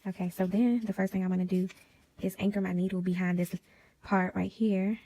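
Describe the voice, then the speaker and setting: Chatty woman doing a sewing tutorial, kinda gravelly, dark mellow tone, whispers asides. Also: mid-range voice, fairly even intonation, fairly quick, slight background noise. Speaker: DIY sewing vlogger.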